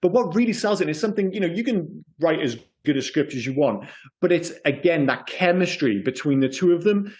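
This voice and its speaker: A man in casual podcast chat with a voice pitched a little above the usual. He sounds enthusiastic and rambles eagerly, stacking asides as he goes. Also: animated, fairly quick, a little mellow. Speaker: podcast co-host.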